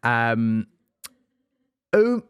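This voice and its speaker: A young man co-hosting a casual gossip podcast, chatty and teasing, with plenty of "um"s. He sits at a middle pitch. The recording is dry and close, with no room sound. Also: very animated, extremely slow, clear, resonant tone, dry recording. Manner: chatty, teasing, lots of fillers. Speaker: podcast co-host.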